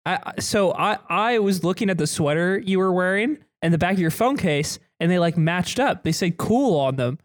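Man, high voice, podcast host, rambling self-mocking chat. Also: animated, normal speed, few pauses. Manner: self-deprecating, rambling anecdote. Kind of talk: casual chat.

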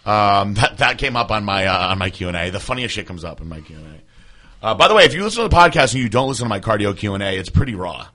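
A man's voice: on the low side, animated, quick pace, sharp tone. A man hosting a podcast, telling a rambling, profane story in casual chat and breaking into laughter. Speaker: podcast host.

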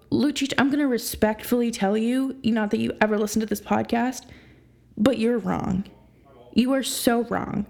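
A woman's voice: on the high side, gravelly. Exasperated young woman podcast host. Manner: exasperated, animated, laughs between points. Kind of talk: opinionated sports podcast rant.

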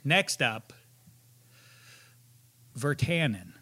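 Joking, bright-voiced podcast host. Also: male voice, mid-range voice, extremely slow, breathy edge. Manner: loud, joking, animated. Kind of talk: casual chat, running a quiz game.

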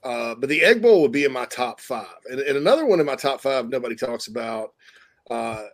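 A man talking college football on a podcast from his home desk mic, over a remote call. He rambles, doubles back on his words and chuckles between thoughts, at an ordinary mid pitch. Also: very animated, fairly quick. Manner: rambling, self-interrupting, chuckling. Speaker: podcast co-host. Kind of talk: casual sports talk.

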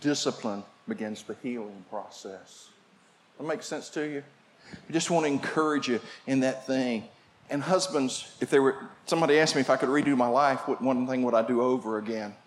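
An older man preaching a sermon, telling family stories and shifting from shouts to quiet asides. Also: medium pitch, moderate pace. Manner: storytelling preacher, swings from shouting to hushed. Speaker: pastor.

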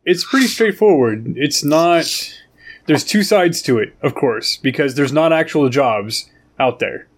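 A man's voice: a little high, animated, measured pace. A man co-hosting a podcast, talking bluntly and swearing freely in casual chat. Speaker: podcast co-host.

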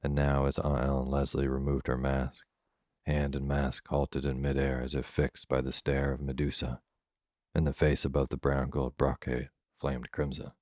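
A man reads a classic holiday tale for listeners drifting off to sleep. His voice is extremely deep and flat. The sound is close and dry, with no room around it. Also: no echo. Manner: calm, soothing, unhurried. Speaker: storyteller. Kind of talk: slow bedtime story reading.

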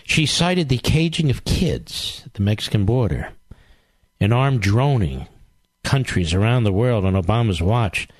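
A man's voice: lowish voice, expressive, a little slow, dry recording. A man hosting a political talk show, delivering a combative, sarcastic monologue full of rhetorical questions and repetition.

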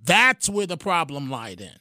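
A middle-aged man hosting a radio talk show, speaking haltingly with many restarts and cutting in on callers. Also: fairly high pitch, very animated, a crowd in the background. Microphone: studio mic.

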